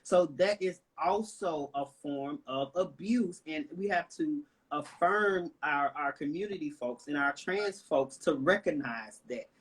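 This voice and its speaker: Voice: mid-range voice, a little slow, hardly any pauses, breathy edge. A panelist with a Southern US accent speaks with emphasis in a panel discussion, often asking "right?" and "you know?". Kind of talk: impassioned panel talk.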